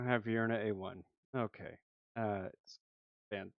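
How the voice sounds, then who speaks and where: A man hosting a gaming channel, commentating his summon pulls with animated swings between hype and letdown. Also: lowish voice, unhurried, vocal fry, no room sound, lo-fi sound. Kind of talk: excited gacha pull commentary.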